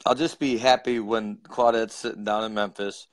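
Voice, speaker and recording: A man's voice: on the low side, steady tone, normal speed, no room sound. A man co-hosting a casual live chat over a video call, joking and laughing easily. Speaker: co-host.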